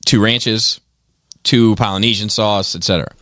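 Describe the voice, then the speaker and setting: A man's voice: fairly low pitch, steady tone, normal speed, fairly bright tone, no echo, clean studio sound. A man co-hosting a casual podcast, rambling and laughing as he talks. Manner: rambling, laughs often, full of restarts. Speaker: podcast host.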